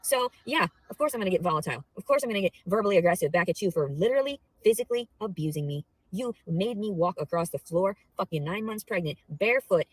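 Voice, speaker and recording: Fast, foul-mouthed young woman ranting. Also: medium pitch, lively intonation, slightly rough, dry recording, poor audio. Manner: rambling, swears constantly, swings between murmurs and outbursts. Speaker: vlogger. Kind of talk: profane personal rant.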